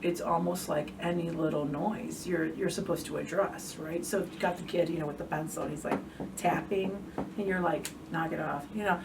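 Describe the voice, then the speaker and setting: A woman's voice: low-pitched, creaky. A woman hosting a podcast, chatting casually, reacting with laughs and telling her own stories. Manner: lively and laughing, quick to react. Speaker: podcast host. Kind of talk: casual interview chat. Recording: distant mic with faint room noise.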